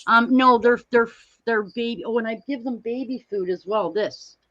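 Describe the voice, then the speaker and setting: A woman's voice: a little high, normal speed, a bit bright, muffled recording. A woman hosting a livestream, chatting casually and greeting viewers by name in a rambling way. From Canada. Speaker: livestream host.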